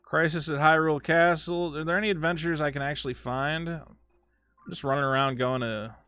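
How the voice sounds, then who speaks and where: A man chatting casually with his viewers while playing a game on a live stream. He is excitable, stammers through restarts and swears a lot. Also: a little high, a little fast, clear, resonant tone, dry recording, clean studio sound.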